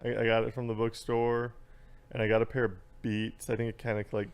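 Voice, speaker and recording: Young man venting in halting bursts. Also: medium pitch, monotone, smooth. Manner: halting, many restarts, gets worked up when venting. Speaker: podcast guest. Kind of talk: casual chat.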